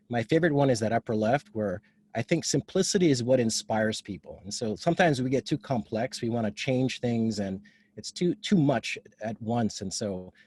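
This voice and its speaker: A man's voice: medium pitch, darkish tone, slightly rough. A man from Hawaii, giving a casual, open talk as a guest speaker over a video call. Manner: casual, open, talks in quick bursts. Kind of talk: informal talk.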